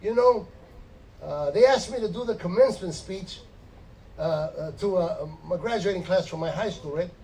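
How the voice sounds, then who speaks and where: Older man with a high voice doing stand-up on a stage mic, mixing in Spanish voices. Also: normal speed, mellow, far from the mic, rough recording. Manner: storytelling, slipping into Spanish and acted voices. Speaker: stand-up comedian. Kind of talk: stand-up comedy set. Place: live theater stage before an audience.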